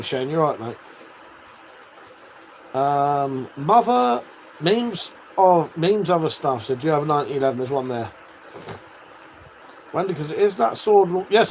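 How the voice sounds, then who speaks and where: A man's voice: a little high, slight background noise, low-quality recording. A man hosting a casual livestream, reading out viewer messages and chatting back in a sweary, matey way with frequent laughs. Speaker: livestream host.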